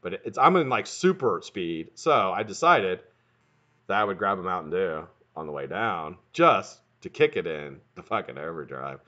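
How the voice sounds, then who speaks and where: A man hosts his own live stream, talking quickly and cussing freely as he greets viewers by name. His pitch bounces all over, and the sound is dull and lo-fi. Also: very animated, sharp tone. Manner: fast-talking, profane, greets chat by name. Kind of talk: casual live-stream chat.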